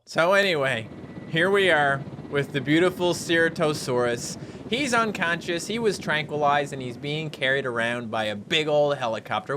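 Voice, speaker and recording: A young man giving excited, joking commentary over a video game, breaking into high-pitched outbursts. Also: moderate pace. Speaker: gaming YouTuber.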